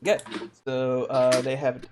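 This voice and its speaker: A man acting as dungeon master, patiently explaining the rules to his players and quick to laugh. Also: medium pitch, little pitch movement, heavy background noise. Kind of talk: running a tabletop game.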